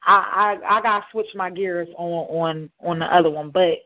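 A woman's voice: lowish voice, steady tone, normal speed, few pauses. Young woman radio host, playful and chatty, light youthful voice, tinny phone-like sound. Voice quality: light, youthful, not raspy. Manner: playful, hyped, talks straight to listeners. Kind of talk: casual talk radio chat.

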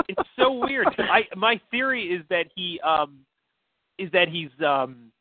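A man's voice: sits high, expressive, slow pace, long pauses, dry recording. Rambling man on a tinny line. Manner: rambling, profane, full of fillers and impressions. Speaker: podcast co-host. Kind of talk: casual chat. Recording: tinny phone-like line, dry.

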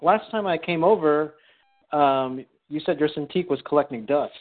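A man's voice: a little high, normal speed. A man in casual podcast chat who asks short, curious questions. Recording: tinny phone-like audio.

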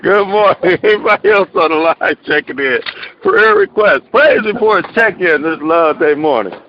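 A man's voice: a little high, lively intonation, moderate pace, slight background noise. Tired man hosting a phone prayer line. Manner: laughs often, says amen between phrases. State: tired from lack of sleep. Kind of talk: casual call-in prayer line chat. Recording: muffled phone call audio.

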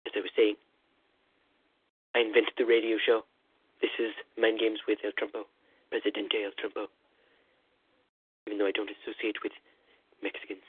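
A man doing a comic impression of a rambling, boastful male president, calling in over a phone line with a husky voice. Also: on the low side, completely flat delivery, normal speed, pauses often, no room sound. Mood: blustering. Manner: rambling, repetitive "listen", boastful bluster. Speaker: comedy caller. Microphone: phone call-in. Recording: tinny phone line, dry.

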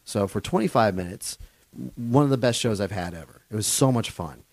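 A man's voice: fairly low pitch, animated, a little fast, gravelly, no room sound. A man, a touring comedian, telling rambling, profane stage stories in a casual interview in a hotel room, full of fillers and restarts.

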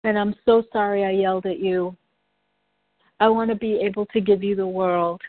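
A man in a coaching session, speaking softly and tenderly as he apologizes to his younger self. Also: sits high, little pitch movement, dry recording, phone-quality sound, faint music behind. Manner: slow, soft-spoken, tender. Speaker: coaching client. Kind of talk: coaching session, addressing inner child.

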